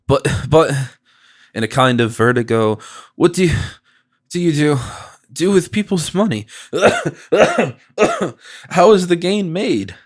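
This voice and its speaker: A man voicing a feeble, suspicious old male miser with a squeaky, cracked voice, racked by a violent cough. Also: sing-song, measured pace. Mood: bewildered.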